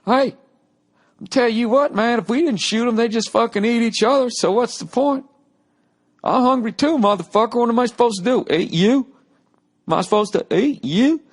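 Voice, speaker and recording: Man puts on a brash hunter: loud, combative, pitched way up high. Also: moderate pace. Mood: belligerent. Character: brash rural Southern male hunter.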